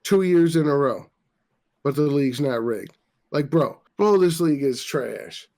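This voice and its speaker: A man's voice: medium pitch, unhurried, a little mellow. A man hosting a casual podcast, ranting profanely about sports after a few drinks. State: tipsy. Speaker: podcast host.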